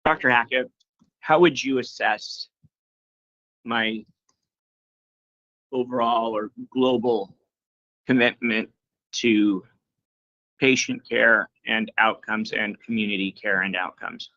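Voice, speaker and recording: Man, questioner at a hearing, hesitant, bright gravelly tone, dull dry recording. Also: medium pitch, steady tone, slow pace, pauses often, dry recording. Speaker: medical practitioner questioning a witness.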